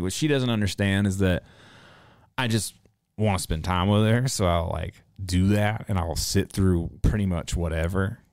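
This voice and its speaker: A man in his thirties from North Carolina, chatting casually with his audience and ranting in profane, animated bursts. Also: low voice, clean tone, no echo. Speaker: streamer answering chat. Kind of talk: casual rambling chat.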